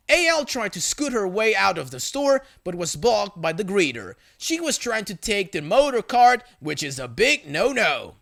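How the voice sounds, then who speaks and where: A man narrating a reddit story in a scripted, read-aloud style, with sudden loud jumps on quoted lines. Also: high-pitched, gravelly.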